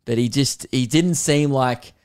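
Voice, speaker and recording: A man's voice: medium pitch, measured pace, smooth. Young aussie guy on his comedy podcast, rambling story, jumps into silly voices, swears a lot. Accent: Australian. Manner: animated, acts out quoted voices, swears freely, laughs mid-story. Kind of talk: casual storytelling chat.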